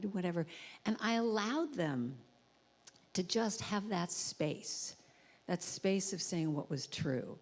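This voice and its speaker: A woman gives an inspirational talk from a church stage. She speaks playfully and slips into high, comic voices to act out what people say. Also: animated, normal speed, darkish tone. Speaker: guest speaker and musician. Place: church sanctuary. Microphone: handheld or headset mic with trouble.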